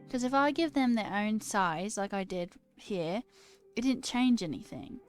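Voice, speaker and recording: A woman's voice: mid-range voice, expressive, a little slow, faint music behind. A woman streamer chatting casually with her viewers while coding, self-mocking and swearing freely.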